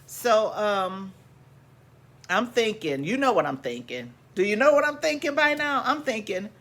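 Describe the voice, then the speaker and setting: A woman casually telling her own life story to viewers, animated and repeating lines for emphasis, calling her listeners family. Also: medium pitch, measured pace.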